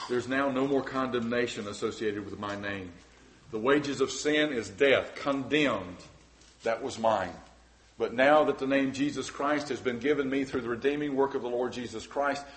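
A man preaching a sermon as pastor in a church, earnest and fervent, swinging from loud cries to quiet, personal appeals. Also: mid-range voice. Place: church sanctuary with balcony.

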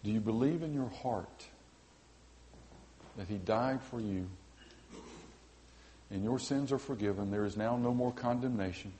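A man preaches as pastor in a church sanctuary. His voice sits at an average pitch. He pleads earnestly, swelling into fervent cries and then falling back to quiet, face-to-face appeals. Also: unhurried, long pauses, a little hiss or hum. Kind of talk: sermon.

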